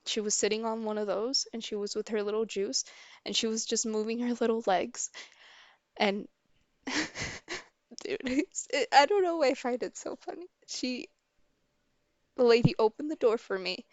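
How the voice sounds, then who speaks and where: A young woman streamer telling a personal story, candid and halting, with many restarts. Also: a little high, dry recording.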